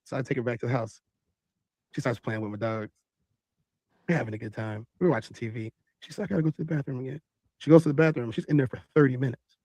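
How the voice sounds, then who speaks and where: A man telling a long story in animated style, acting out other people's voices. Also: medium pitch, quick pace, long pauses, no room sound. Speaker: podcast host telling a story.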